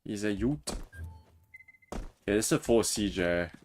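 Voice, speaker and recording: Soft music plays behind this game livestream from a home room in Toronto, where a Mauritian man in his twenties, a native French speaker, reads out and answers his chat via a desk mic. His fairly low, darkish voice is animated yet unhurried.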